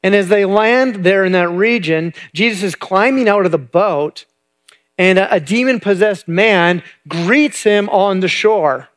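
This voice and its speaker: A man with a high voice preaches in a loose, conversational way. He retells a story and often repeats a word or two as he finds his next thought. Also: measured pace. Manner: conversational, repeats words while thinking. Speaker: pastor. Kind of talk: sermon retelling a Bible story.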